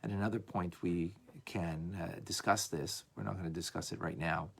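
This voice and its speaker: A man teaching a lively class on a religious text, asking "right?" often and acting out examples. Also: deep voice, moderate pace, creaky, breathy edge. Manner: animated, playful, acts out examples, frequent "right?". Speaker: Torah teacher.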